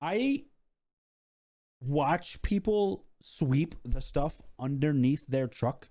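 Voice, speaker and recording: Male co-host, expressive, sing-song delivery, chatty storyteller. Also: very slow. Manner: animated storyteller, expressive pitch swings. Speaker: podcast co-host. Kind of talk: casual chat.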